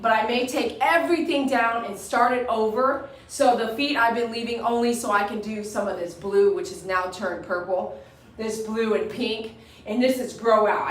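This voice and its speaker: A woman's voice: a little high, fairly bright tone. A woman dog groomer giving a casual grooming tutorial, chatty and coaxing a dog with short commands. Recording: roomy echo, mic at a distance.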